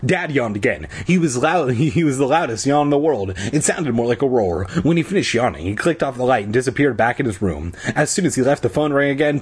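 A man's voice: medium pitch, expressive, fast talker, hardly any pauses, breathy edge. A man reading a children's book aloud for a podcast, casual, with irreverent asides. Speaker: podcast reader.

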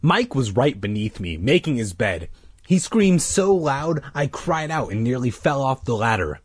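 A man reading a children's chapter book aloud, expressive, who stops now and then to comment jokingly. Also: medium pitch, unhurried, breathy edge, dry recording. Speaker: reader.

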